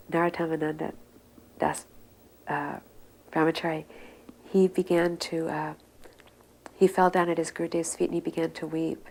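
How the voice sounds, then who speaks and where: Low, gravelly older woman. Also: flat delivery, normal speed, long pauses, a little hiss or hum, poor audio. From United States. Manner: soft-spoken, searches for words with fillers. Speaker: interviewee. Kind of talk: reminiscing storytelling.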